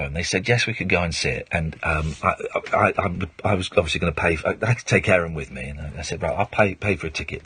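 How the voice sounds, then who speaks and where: Male radio host, late-night storyteller, husky and animated, dry close studio sound. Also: low-pitched, no room sound. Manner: rambling anecdote with many fillers and restarts. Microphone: studio microphone.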